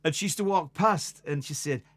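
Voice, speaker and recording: A man's voice: a little high, normal speed, fairly bright tone. Chatty older man. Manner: chatty, rambling, laughs at his own stories. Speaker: live stream musician host. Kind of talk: casual storytelling between songs.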